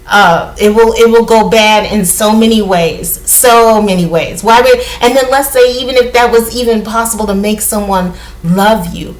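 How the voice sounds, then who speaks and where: A woman talking casually to her viewers, rambling with asides and laughs. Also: a little high. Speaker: spiritual vlogger. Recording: echoey room.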